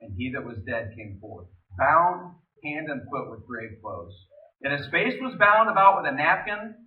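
A man preaching a sermon in an animated way, reading scripture aloud between his own remarks. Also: medium pitch, measured pace. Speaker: pastor. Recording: distant, echoey, phone-like sound.

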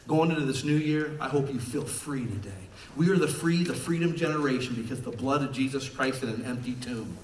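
A man's voice: medium pitch, a little fast, slight background noise. Passionate preacher man in an echoey church. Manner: passionate, swings from quiet to shouting. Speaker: pastor. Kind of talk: sermon. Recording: echoey church room from far off.

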